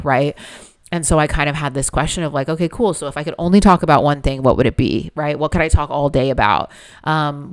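A woman with a low voice and a gravelly fry runs through a solo podcast episode in a loose, confessional way. She swears freely and leans on fillers as she talks. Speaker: podcast host, business coach. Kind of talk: casual solo podcast monologue.

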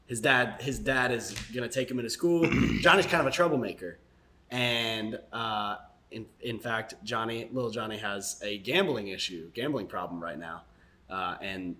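A man's voice: on the low side, bright, forceful tone. A young man co-hosting a casual podcast, talking in a laid-back way with lots of fillers and chuckles as he tells a joke. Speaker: podcast co-host.

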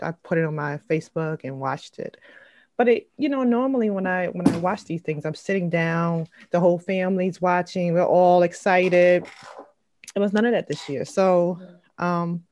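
A woman in her thirties talks through her week in a relaxed, rambling way, with lots of "like" and "um". Her voice sits a little low, and the call sound is dry and close with no room echo. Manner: chatty, fillers and trailing "like", acts out quotes. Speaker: mom sharing her week. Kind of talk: casual group chat.

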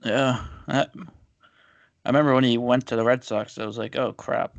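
A man's voice: mid-range voice, fairly even intonation, normal speed, creaky, no room sound, dull audio. A man co-hosting a podcast, casually sharing baseball trivia with lots of fillers and an easygoing manner. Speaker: podcast co-host. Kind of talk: casual chat.

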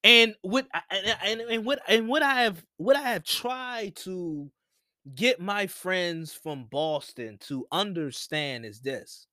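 A man's voice: high voice, takes it slowly, sharp tone, dry recording, studio quality. A man hosting a sports podcast, talking casually and repeating his points for emphasis. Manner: opinionated, repeats himself for emphasis. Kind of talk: casual solo sports talk.

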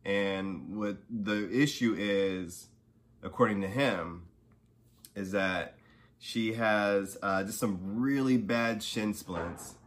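A podcast host with a lowish voice tells a personal story slowly and conversationally, full of asides like "you know" and "right?". He gets heated when he's angry.

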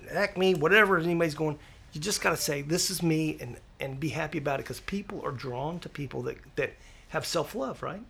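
Brisk and creaky at a fairly high pitch, this man's voice comes with a little hiss or hum. He's an animated podcast guest, chatting casually and restarting often as he acts out quoted exchanges in his stories.

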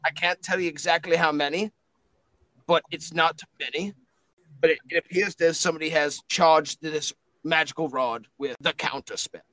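A man's voice: a little high, steady tone, normal speed, pushed and bright, dry recording, rough recording. A man voicing a cheeky, self-important male spellbook familiar with a New Zealand accent, in a tabletop game. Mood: chirpy. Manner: chirpy, humming, self-important.

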